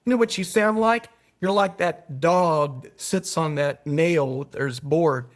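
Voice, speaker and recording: Folksy man telling stories, higher voice. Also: slow, hardly any pauses. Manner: folksy storyteller, acts out voices in his anecdotes. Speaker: guest. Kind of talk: casual interview storytelling.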